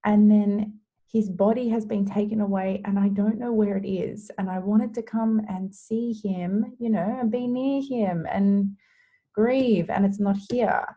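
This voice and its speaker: A woman voicing a grieving young woman who pleads in a high, emphatic voice as she retells a story. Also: steady tone, unhurried, dull audio. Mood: grieving, pleading.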